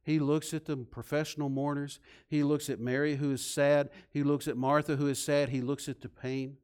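Male pastor, slightly high voice, emphatic sermon delivery that drops to near-quiet. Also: little pitch movement, moderate pace, clean tone. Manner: swings from loud emphatic to soft and low.

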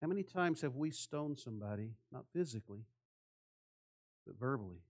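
A man preaching a sermon with passion, asking rhetorical questions and swinging between soft, hushed phrases and loud ones. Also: mid-range voice, expressive, normal speed. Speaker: pastor.

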